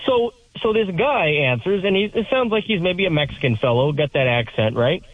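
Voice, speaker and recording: A man's voice: high voice, brisk, slightly rough. A young man calling in to a radio show, telling a story with lots of laughter and acting out the voices in it. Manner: animated, laughing, acts out voices. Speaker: caller. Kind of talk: storytelling on a phone call. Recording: phone line.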